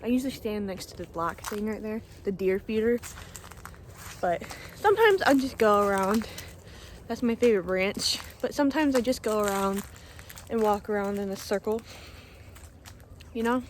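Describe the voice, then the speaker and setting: Soft-spoken young woman vlogging outdoors. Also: medium pitch, normal speed, long pauses, a little hiss or hum. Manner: soft-spoken, emotional, laughs often. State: breathing a little hard from cold. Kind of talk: casual vlog chat. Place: outdoors by a pond at dusk.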